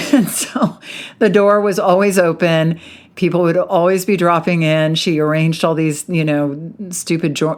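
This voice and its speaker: A woman around sixty hosting a podcast, talking in a chatty, animated storytelling way that often breaks into laughter. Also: sits low. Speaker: podcast host, hypnotherapist. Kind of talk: casual podcast monologue.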